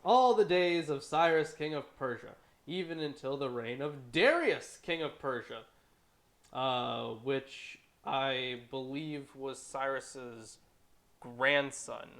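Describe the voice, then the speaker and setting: A man's voice: mid-range voice, slow, fairly bright tone. A man co-hosting a casual discussion show who reads scripture aloud with wry, irreverent asides, sometimes swearing and stumbling over names. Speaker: podcast co-host reading scripture.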